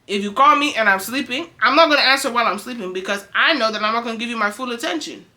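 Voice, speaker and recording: A young woman talks straight to camera in a casual advice vlog. Her voice sits a little high and sounds bright and forceful. She is firm and emphatic and circles back to repeat her points. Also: fast. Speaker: vlogger.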